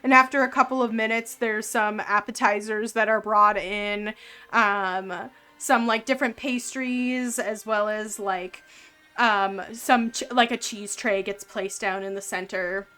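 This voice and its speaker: A woman's voice: mid-range voice, fairly even intonation, unhurried, bright, forceful tone, clear, resonant tone, soft background music. A woman narrating a tabletop game as game master, describing scenes in a casual, filler-heavy way.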